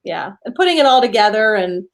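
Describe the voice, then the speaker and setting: A woman's voice: medium pitch, big pitch swings, brisk, vocal fry. A woman from Pittsburgh with a faint Pittsburgh accent, a guest chatting in a hesitant, agreeable way. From Pittsburgh, USA. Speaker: guest YouTuber. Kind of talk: casual interview chat.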